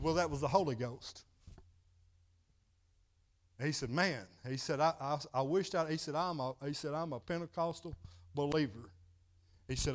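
Male preacher, slightly higher voice, folksy storytelling sermon, keeps saying "he said". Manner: folksy, repeats "he said" while retelling a story.

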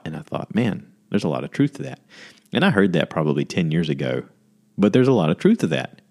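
A man with a very low voice talks through a casual podcast monologue. He rambles from story to story and jumps into high, goofy voices when he quotes people. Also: big pitch swings, a little fast, creaky, a little mellow. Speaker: podcast host.

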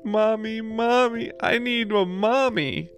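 A man voicing a lonely little boy bird who pleads in a high, childlike voice. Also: slow, faint music behind. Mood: crying.

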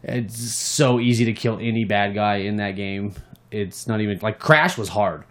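A gaming podcast co-host with a fairly low pitch talks at a moderate pace. In casual conversation he turns animated and profane, swearing freely as he rants about games.

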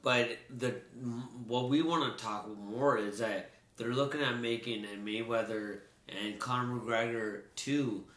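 A man talks sports in a loose, casual way, full of fillers and restarts. His voice is bright and forceful, and the room around him rings with echo. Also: medium pitch, steady tone, measured pace, few pauses. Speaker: sports talk co-host. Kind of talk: casual chat. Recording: roomy echo.

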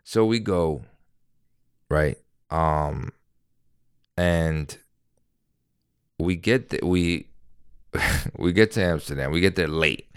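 A man's voice: deep voice, takes it slowly, pauses often, clean tone, dry recording, studio quality. A middle-aged man telling a rambling story on his podcast, with profanity and constant self-corrections. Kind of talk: casual storytelling. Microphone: podcast microphone.

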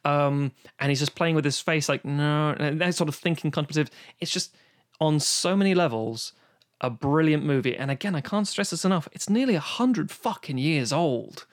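A man in casual podcast chat about film, animated and profane, acting out quotes as he goes. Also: a little high, normal speed. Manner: animated, swearing, acts out quotes. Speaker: podcast guest discussing films.

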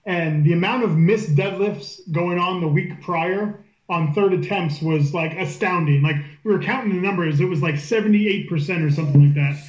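A man, a powerlifting coach, telling a lively story in casual podcast chat, swearing freely. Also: sits high, moderate pace, echoey room, muffled recording.

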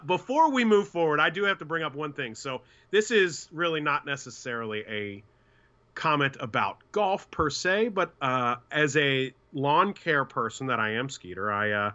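Male podcast co-host, lively storyteller, bright tone, muffled lo-fi audio. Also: mid-range voice, normal speed. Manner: animated storyteller, acts out quoted voices. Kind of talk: casual sports podcast chat.

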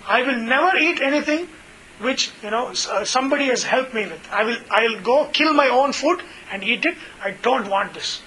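A man's voice: very high-pitched, animated, moderate pace, a crowd in the background, rough recording. A man voicing a proud, indignant tiger. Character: proud tiger with self-respect, male.

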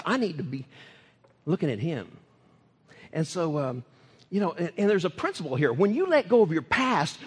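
An older male pastor preaching with a lively, swooping delivery, his voice sitting a bit high and sounding husky. His words ring out into a church with a long, trailing reverb. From United States. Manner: animated preaching, repeating key phrases for emphasis. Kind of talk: sermon. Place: church sanctuary.

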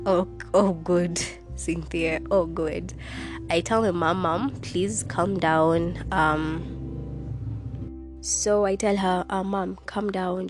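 A young woman hosting her own podcast, candidly telling a personal story in a casual way and laughing between lines. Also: lowish voice. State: sick with fever, lost taste and smell. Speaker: podcast host.

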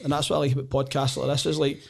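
A man's voice: mid-range voice, rapid-fire, gravelly. A man with a Scottish accent, a comedian guest speaking openly and self-deprecatingly in a podcast conversation. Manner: open, self-deprecating, animated. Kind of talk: candid conversation.

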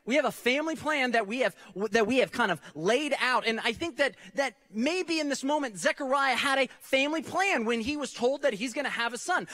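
Pastor, male, high-pitched, animated and conversational in the pulpit. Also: fairly quick, few pauses. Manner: conversational, speaks directly to the congregation; animated storytelling with frequent restarts. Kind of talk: sermon.

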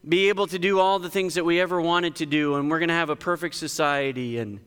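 A man's voice: steady tone, quick pace, a bit bright, clean tone, long reverb tail. A male pastor preaching a sermon in a conversational but emphatic way, lifting his voice to stress key points, in a church sanctuary. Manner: emphatic, conversational preaching with sudden lifts in pitch.

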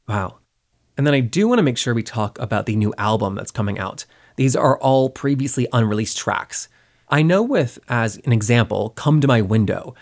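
A man's voice: lowish voice, a little mellow. A man hosting an interview, asking curious questions in a casual way, often filling in with "like". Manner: curious, fills in with "like" a lot. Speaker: interviewer, podcast host.

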